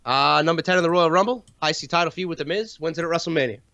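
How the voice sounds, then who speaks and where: A man's voice: a little high, rapid-fire, vocal fry, bright, forceful tone, no echo. A man hosting a live-streamed podcast, talking in crude, joking, profane banter, from the US Northeast. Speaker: podcast host.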